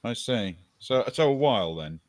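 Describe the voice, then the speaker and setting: A man's voice: mid-range voice, animated, moderate pace, no echo. Hesitant man asking polite questions. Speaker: player. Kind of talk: role-play investigation chat.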